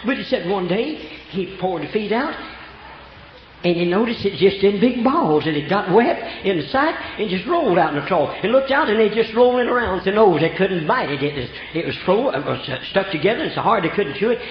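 A man's voice: sits high, lively intonation, fairly quick, slight background noise. An older man preaching a folksy storytelling sermon, from Oklahoma, with homespun rural grammar. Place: church. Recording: echoey church room, dull lo-fi sound.

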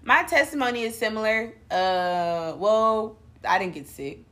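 A young woman in casual chat, telling a story in a relaxed way, full of slang. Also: mid-range voice, unhurried.

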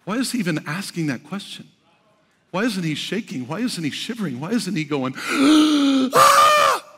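A man pastor preaching a sermon with rising fervor, often shouting at the peaks. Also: sits high, sing-song, normal speed, breathy edge, in a large hall.

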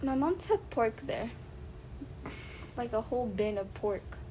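A woman's voice: fairly high pitch, expressive, measured pace, dark tone, slight background noise. A young woman co-hosting a podcast in casual chat, telling her stories by quoting what others said. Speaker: podcast co-host.

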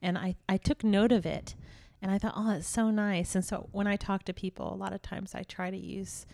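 A woman co-hosting a casual, faith-based podcast chat, an animated storyteller who acts out the voices she quotes. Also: medium pitch, fairly quick, vocal fry. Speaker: podcast co-host.

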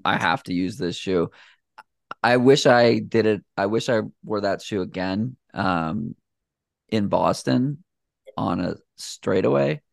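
Low gravelly guy chatting as a podcast guest, laid back and rambly, dry close sound. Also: dry recording. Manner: easygoing, rambling, filler-heavy. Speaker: podcast guest, shoe reviewer. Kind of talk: casual conversation.

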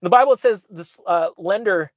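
A man's voice: high voice, moderate pace, no echo. A man giving opinionated commentary, sarcastic, often acting out quotes in mocking voices.

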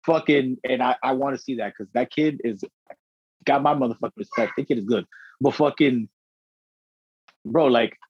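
A husky young man riffs on wrestling with a podcast co-host, cursing and tossing out slang as he gets worked up. His voice sits at a middle pitch and comes through dry and a little muffled, like a lo-fi recording. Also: moderate pace, pauses often, dry recording. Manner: profane, slangy, excitable. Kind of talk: casual wrestling chat. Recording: dry dull lo-fi audio.

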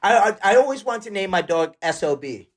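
A woman co-hosting a casual podcast, trading quick jokes and one-liners. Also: mid-range voice, animated. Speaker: podcast co-host. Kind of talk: casual chat.

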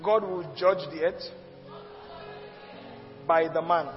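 A man preaching a sermon as a pastor, emphatic and repetitive, with sudden loud outbursts. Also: on the high side, fairly even intonation, takes it slowly. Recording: dull sound with long hall reverb and soft music.

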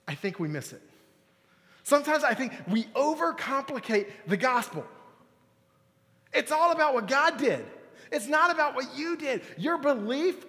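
A man in his thirties preaching a lively sermon, playful and talking straight to the room with bursts of excitement. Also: very high-pitched, normal speed, in a large hall. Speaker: youth pastor. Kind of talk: lively sermon to a young crowd. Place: large church hall.

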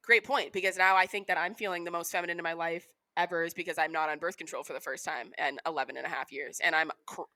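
A young woman co-hosts a podcast in easy, unfiltered chat. Her voice is bright and forceful, and it is recorded dry and close. She swears freely and acts out the quotes she tells. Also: lowish voice, fairly even intonation, fast talker, hardly any pauses, no echo. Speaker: podcast co-host. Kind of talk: casual chat.

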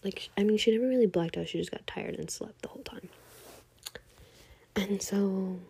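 A young woman telling a personal story in a casual, hushed way, often half-whispering and full of "like". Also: mid-range voice, moderate pace, creaky, breathy edge.

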